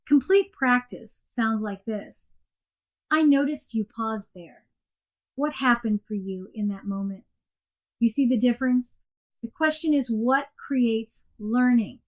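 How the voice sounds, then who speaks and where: A woman giving a scripted coaching lesson in a clear, measured and emphatic way. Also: fairly high pitch. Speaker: coaching instructor. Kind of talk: scripted instructional narration.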